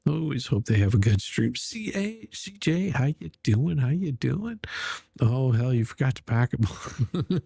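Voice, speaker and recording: Gravelly man hosting a livestream. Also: medium pitch, big pitch swings, a little slow, mellow, no room sound, studio quality. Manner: mocking, greets viewers by name, rambling with restarts. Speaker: livestream host. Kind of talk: casual livestream chat.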